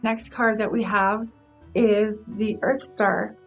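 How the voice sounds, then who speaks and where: A young woman reading oracle cards in a casual chat, enthusiastic and quick to exclaim. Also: mid-range voice, level tone, dull audio, soft background music. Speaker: co-host, card reader.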